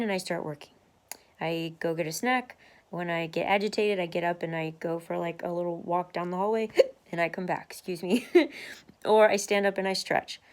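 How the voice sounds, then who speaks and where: Chatty woman, candid vlog. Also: medium pitch. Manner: chatty and candid, laughs often, marches in place while talking. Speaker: vlogger sharing a weight-loss journey. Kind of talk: casual video diary. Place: home office, seated at her desk.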